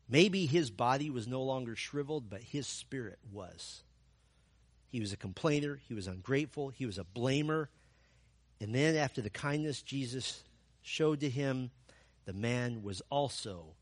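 A man's voice: medium pitch, sing-song, unhurried, husky, no echo. A man preaching a sermon, telling the story with rhetorical questions and emphatic repetition. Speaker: pastor.

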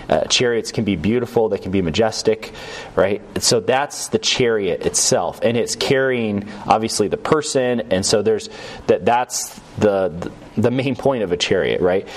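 Man, lowish voice, Bible teacher, conversational lesson, asks "right?" often, loose phrasing. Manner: conversational, checks in with "right?" and "yes?"; loose, with restarts and fillers.

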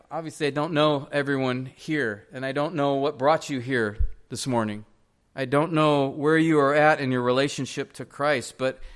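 A male pastor delivers a sermon in a church. He speaks earnestly and presses direct, pleading questions on his listeners. His voice sits somewhat high for a man. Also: fairly bright tone.

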